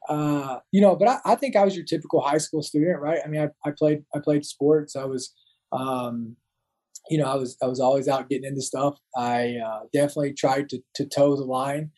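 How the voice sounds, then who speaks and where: Halting man with a mellow voice. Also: mid-range voice, fairly even intonation, low-quality recording. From United States. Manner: halting, many restarts and repeated words. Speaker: guest, Marine veteran. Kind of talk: casual interview talk.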